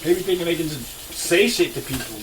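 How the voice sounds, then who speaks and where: A man's voice: on the high side, lively intonation, fast talker, background noise. A young man casually telling funny stories, laughing often and acting out the other people's lines. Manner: laid-back, laughs often, swears freely; acts out dialogue in shifting voices. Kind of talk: casual storytelling.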